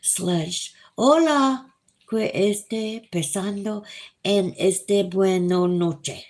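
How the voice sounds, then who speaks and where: A Southern woman chatting on her livestream, taking her time over each viewer comment. Her delivery is slow and drawling, relaxed and talkative, with the Southern accent plain to hear. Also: on the low side. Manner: chatty, drawling, reads comments aloud slowly. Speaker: livestream host reading chat. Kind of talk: casual livestream chat.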